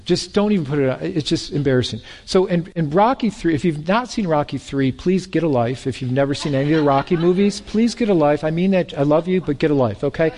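Playful, high-voiced man preaching. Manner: lively, joking asides, repeats words. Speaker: pastor. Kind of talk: sermon.

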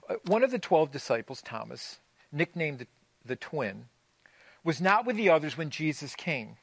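A man with a mid-range, somewhat bright voice preaches as pastor, with no room sound. He tells stories conversationally, adds light humor, and often restarts phrases, repeating words as he goes.

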